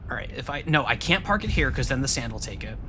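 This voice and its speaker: A man's voice: medium pitch, sing-song, fast talker, background noise. A man giving live, rambling commentary as he plays a video game, joking back at his chat. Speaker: streamer. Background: game music.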